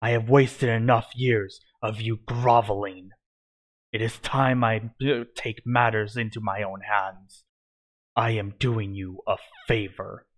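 A man's voice: lowish voice, level tone, slow pace. A man doing a growling evil god of corruption. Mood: commanding. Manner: growling, menacing.

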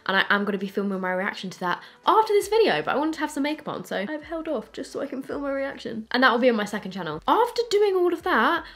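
A woman's voice: sits high, a bit bright. Chatty young woman vlogging. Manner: chatty, candid, filler-heavy with "like". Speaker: beauty vlogger. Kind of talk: casual makeup review chat.

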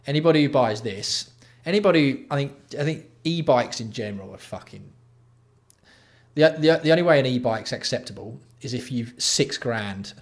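A man's voice: medium pitch, lively intonation, normal speed. Sweary, exasperated man ranting. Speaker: livestream host. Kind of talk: casual live-stream commentary.

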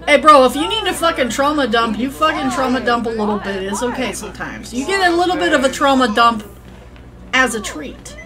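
A young woman giving casual, profane commentary while playing a life-sim game, yelling at the characters and rambling. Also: sits high, a little fast, crowd noise. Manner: rambling, self-interrupting.

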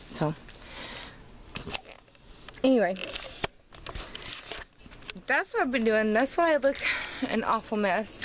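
A woman's voice: on the high side, big pitch swings, slow, long pauses, a little hiss or hum, rough recording. A woman vlogging at home and in her yard, tipsy and slightly slurred from wine, rambling and venting her frustration. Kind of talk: casual vlog monologue.

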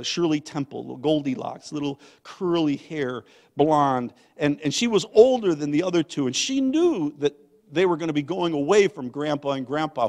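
An older man, a guest pastor, telling a family story in a sermon, swinging from loud to hushed. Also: on the high side. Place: church sanctuary. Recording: long church hall reverb.

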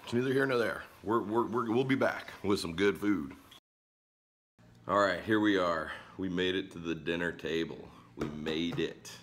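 Hoarse, deep-voiced man grilling. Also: moderate pace, fairly bright tone. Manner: enthusiastic, chatty, talks to viewers. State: hoarse from a cold. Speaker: cooking vlogger. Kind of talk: casual cooking vlog. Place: backyard grill and home kitchen.

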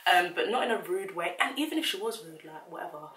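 Woman, 20s, candid YouTube commentator; slightly low voice, roomy echo. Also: fast. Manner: chatty, frank, animated retelling. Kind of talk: casual commentary vlog.

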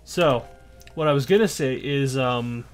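A man's voice: medium pitch, measured pace, soft background music. A man commentating his own gameplay, chatty and out of breath, muttering orders and counting under his breath. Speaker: gaming YouTuber. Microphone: desk mic with face cam.

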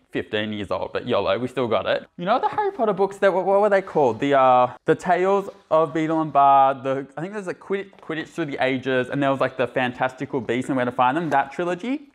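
Young male vlogger, slightly high voice, upbeat and gushing, casual tour of his own small flat, handheld camera. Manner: bubbly and gushing, full of "like" fillers. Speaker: YouTuber giving an apartment tour. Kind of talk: casual vlog chat. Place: small apartment indoors.

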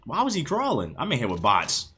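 A man's voice: mid-range voice, wildly swooping pitch, a little fast, sharp tone, breathy edge, soft background music. A man giving casual, profane gameplay commentary, laughing often. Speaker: gaming streamer.

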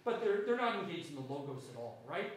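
A man with a New Zealand accent gives an animated public history lecture, keeps checking in with "right?", and talks in a fairly high voice. He is recorded from across a lecture hall with heavy echo and a faint hiss underneath. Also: fast. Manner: animated, frequent "right?" tag questions. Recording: echoey hall from far off.

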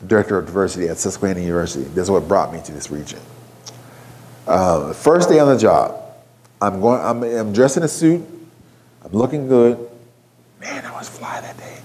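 A keynote speaker with a lowish, slightly mellow voice tells a story conversationally. Along the way he puts questions to the live audience.

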